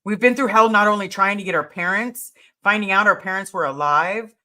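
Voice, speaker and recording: A woman hosting a casual livestream, talking straight to her viewers. Her voice is bright and forward, and she presses her points hard, repeating key words for emphasis. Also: medium pitch, fairly quick. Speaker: livestream host answering viewer questions.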